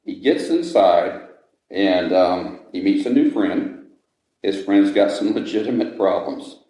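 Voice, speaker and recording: A man with a low, mellow voice tells a ghost story to visitors, dramatically pacing and lingering on the grisly parts. He is inside an old jail, and the hard rooms give his voice a strong, booming echo. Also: animated, measured pace. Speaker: ghost story teller and guide. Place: old jail building, indoors. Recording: echoey room.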